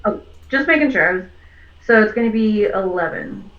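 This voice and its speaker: A woman playing in a tabletop game, blunt and quick to swear and laugh. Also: mid-range voice, animated, roomy sound, dull audio. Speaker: player. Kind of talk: casual game chat.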